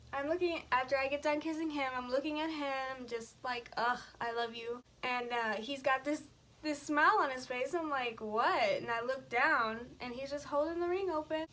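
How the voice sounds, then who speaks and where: A young woman with a high voice talks straight to her viewers, chatty and a little tearful as she tells a personal story. She speaks casually and breaks off now and then, putting on her makeup as she goes. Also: pushed and bright. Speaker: beauty vlogger.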